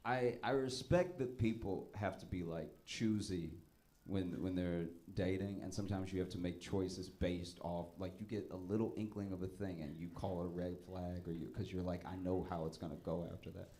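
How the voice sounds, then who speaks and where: A man does a stand-up set on a club stage, telling stories at normal speed with fairly even intonation. He pushes his voice loud and high for the punchlines while the audience laughs.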